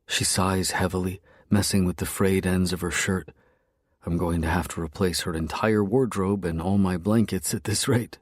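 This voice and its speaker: A man reads a dark romance story in the first person, his voice sitting very low. The delivery is brooding and intense. The sound is dry and close to the mic. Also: steady tone, moderate pace, no echo. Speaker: narrator.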